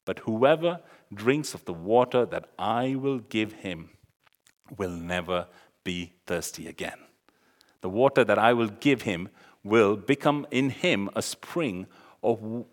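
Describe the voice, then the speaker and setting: Animated preacher man in a big echoing hall. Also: on the low side, a little slow. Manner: animated, acts out the dialogue with sudden loud exclamations. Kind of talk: sermon. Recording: long hall reverb.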